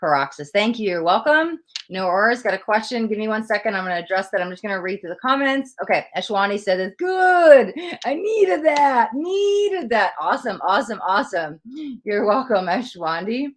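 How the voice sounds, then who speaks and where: A woman's voice: mid-range voice, lively intonation, brisk, fairly bright tone. A woman with a mid-range voice chats in a loose, easygoing way on a live stream. She reassures viewers as she works through their comments one by one. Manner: chatty, reassuring, reads viewer comments aloud. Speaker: tarot reader hosting a live stream. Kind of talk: casual live-stream chat.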